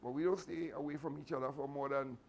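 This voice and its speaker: A martial arts instructor with a lilt speaks to his students in a fairly high voice. He talks earnestly and in a fatherly way, circling back and repeating himself. A faint hum of noise sits under his words. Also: steady tone, quick pace, creaky. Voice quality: repetitive, earnest, with frequent restarts. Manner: fatherly advice giving. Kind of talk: motivational speech to students.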